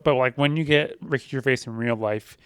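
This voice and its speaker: A man's voice: medium pitch, brisk, fairly bright tone, clear, resonant tone, no room sound. A man co-hosting a podcast, chatting loosely and conversationally with many fillers on a close mic. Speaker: podcast co-host. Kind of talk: casual chat.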